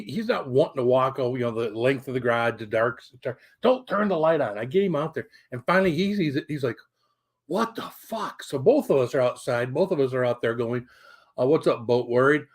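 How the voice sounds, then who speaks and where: Middle-aged male streamer, mid-pitch, loose rambling storyteller who swears casually. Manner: rambling, chatty, greets viewers mid-story; colorful swearing. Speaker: livestream host.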